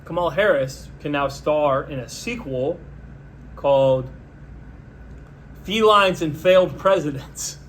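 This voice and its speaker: A man hosting a podcast, delivering a sarcastic, mocking solo rant in a deadpan pitching tone. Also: a little hiss or hum. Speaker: podcast host. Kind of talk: solo comedic political rant.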